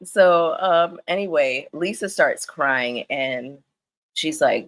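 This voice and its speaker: Chatty young woman recapping reality TV on a livestream, low voice, laughs easily. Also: slow. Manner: chatty and animated, laughs often. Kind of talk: casual livestream commentary.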